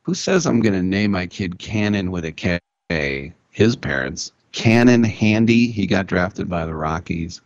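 A man hosting a sports radio show, riffing wryly and clearing his throat often. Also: low-pitched, expressive, unhurried, dry recording, lo-fi sound. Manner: joking, wry riffing with frequent throat clearing. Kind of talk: casual sports talk monologue.

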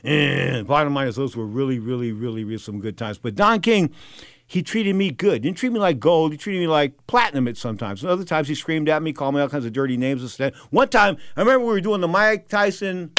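A man's voice: fairly high pitch, expressive, quick pace, a bit bright, no echo, clean studio sound. A man telling rambling, casual anecdotes, often circling back with "bottom line is" and throwing in asides. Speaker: storyteller.

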